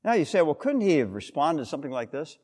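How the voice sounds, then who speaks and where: A man preaching a sermon, explaining scripture with rhetorical questions and an expressive delivery. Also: a little high, fast, big-room sound.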